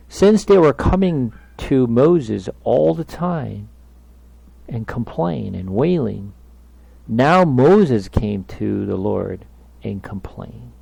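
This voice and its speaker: Male Bible study teacher, emphatic and questioning, unhurried delivery with lively pitch. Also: gravelly, breathy edge, dry recording. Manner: emphatic, asks the listeners questions.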